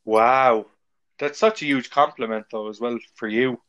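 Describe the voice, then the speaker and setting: A man's voice: medium pitch, measured pace, fairly bright tone, lo-fi sound. A man hosting a podcast, chatting casually in a gushing, jokey way. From Ireland. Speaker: podcast host. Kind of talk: casual chat.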